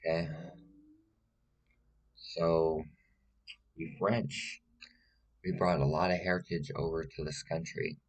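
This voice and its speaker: A man with a bass voice puts on an exaggerated voice as a self-assured witch woman delivering a tutorial, rambling and confidently wrong. He goes slowly, pauses often, leans on fillers, and keeps pressing "okay?" in deadpan comic style. The recording is rough.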